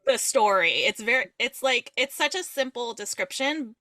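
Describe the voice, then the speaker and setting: A woman's voice: a little high, moderate pace, pushed and bright, no echo. A woman from California co-hosting a podcast, speaking in enthusiastic, gushing casual chat. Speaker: podcast co-host.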